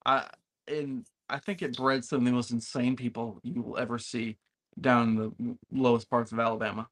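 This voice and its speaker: Man, sports podcast co-host, casual, excitable, trash talk. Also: mid-range voice, normal speed.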